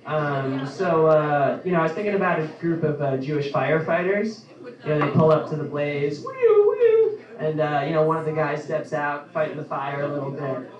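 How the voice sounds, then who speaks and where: A young adult man performing a stand-up comedy set in a club, in an offhand, halting delivery full of ums. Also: a little high, fairly even intonation, lo-fi sound. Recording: echoey club from a distance.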